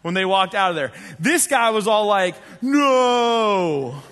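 A young man with a high, bright voice tells an animated story to a big audience. He talks back and forth with the crowd and sometimes breaks into a shout. His voice rings with the long echo of a large hall. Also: a little fast. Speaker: speaker telling a story to an audience. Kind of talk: lively storytelling talk.

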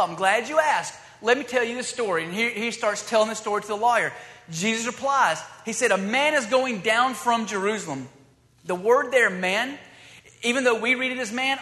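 High bright-voiced preacher in a reverberant hall. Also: male voice. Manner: conversational, acts out dialogue in scripture. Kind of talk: sermon.

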